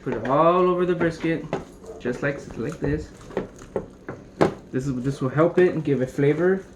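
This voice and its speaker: A young man casually showing how to prep a brisket at home, rambling and cracking jokes as he works. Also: a little high. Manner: joking, rambling, swears casually. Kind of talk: casual cooking demonstration. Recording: noisy room ambience.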